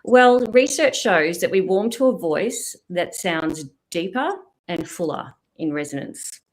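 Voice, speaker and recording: A woman's voice: fairly low pitch, lively intonation, unhurried. A middle-aged woman, a voice specialist, explaining and demonstrating vocal technique in an interview. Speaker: voice specialist guest. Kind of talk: expert interview talk.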